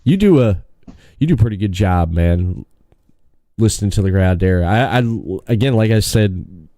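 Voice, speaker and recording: A man's voice: on the low side, expressive, normal speed, warm tone, no echo, clean studio sound. A man hosting a podcast, chatting easily with his guest and often repeating himself as he talks. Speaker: podcast host. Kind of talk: casual chat.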